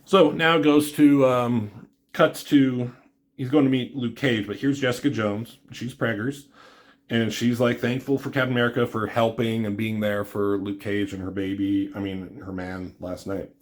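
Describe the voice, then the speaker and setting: Male comic reviewer, mid-pitch, loose filler-heavy recap. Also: fairly even intonation, moderate pace. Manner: rambling, filler-heavy, paraphrasing dialogue.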